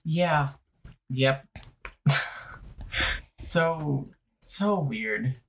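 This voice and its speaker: Very low-voiced woman podcast co-host. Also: very slow, slight background noise, rough recording. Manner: relaxed, reads passages aloud then comments. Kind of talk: casual book-club chat.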